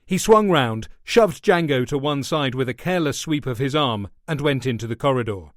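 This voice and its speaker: A mid-range male voice narrates a thriller audiobook, keeping the scripted reading steady and measured. The sound is studio quality with no audible room.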